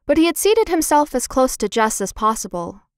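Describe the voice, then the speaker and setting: A woman's voice: high-pitched, sing-song, normal speed, clean tone, no room sound, studio quality. Woman narrating a children's storybook. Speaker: audiobook narrator.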